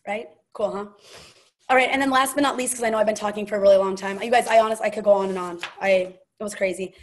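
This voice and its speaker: A woman's voice: mid-range voice, fairly even intonation, quick pace. A woman hosting a casual team call, telling stories and quoting people in a chatty, gushing way. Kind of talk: casual storytelling chat.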